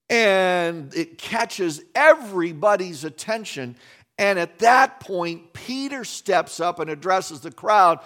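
A man's voice: high voice, a bit bright. A man from West Virginia preaching a sermon in a conversational way, with folksy asides and frequent restarts. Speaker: pastor.

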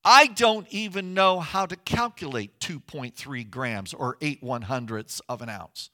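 Male pastor, middle-aged, high bright voice, earnest conversational sermon delivery. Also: unhurried, few pauses. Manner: earnest, conversational preaching with emphatic rises.

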